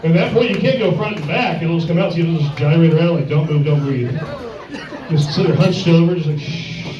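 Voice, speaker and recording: A man's voice: fairly high pitch, fast. Man, stand-up comedian, raised voice, crude, rambling, echoey sports bar, distant muffled mic, crowd noise. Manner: crude, rambling, heavy on filler words.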